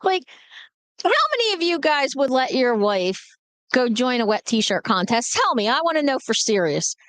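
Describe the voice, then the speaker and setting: Blunt, animated woman in her forties, storytelling to a live chat, smooth voice, dry close sound. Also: high voice, normal speed, no echo. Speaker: livestream host.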